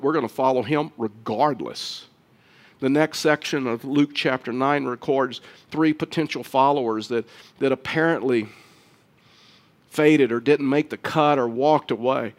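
A man preaching a sermon as pastor, earnest, with frequent restarts, growing louder and quicker toward the close. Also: mid-range voice.

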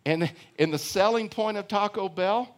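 A man's voice: sits high, normal speed. Conversational older male pastor preaching. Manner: conversational, repeats phrases for emphasis, asks the congregation questions. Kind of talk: sermon.

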